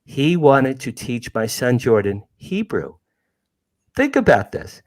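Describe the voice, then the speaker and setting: A man's voice: medium pitch, big pitch swings, takes it slowly. Emphatic older man telling a ghost story. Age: 60s. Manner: emphatic, repeats key phrases, addresses listeners as "you guys". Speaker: guest storyteller, network host. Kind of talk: animated personal ghost story.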